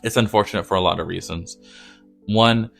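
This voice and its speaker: A man with a low, gravelly voice that sounds a little nasal. He rambles casually to camera in a personal vlog, full of fillers and restarts, with soft music playing faintly behind him. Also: fairly even intonation, fairly quick. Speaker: artist vlogger.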